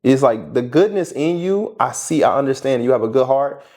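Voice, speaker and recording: A man's voice: mid-range voice, animated, normal speed, darkish tone. Brief: man, casual commentary, direct, advising tone, mid-range voice.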